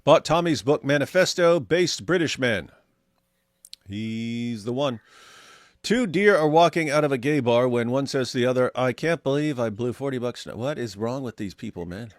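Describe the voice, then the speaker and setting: Sardonic man with a lively voice. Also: medium pitch, normal speed, no room sound, clean studio sound. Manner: sardonic, mock voices for quoted viewers. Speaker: co-host reading viewer chat. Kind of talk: casual livestream chat.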